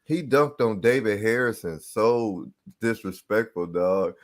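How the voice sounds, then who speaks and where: A man's voice: on the low side, lively intonation, a little slow. A man co-hosting a sports podcast in casual chat, animatedly retelling players' stories with slang and cursing. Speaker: podcast co-host. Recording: live stream call.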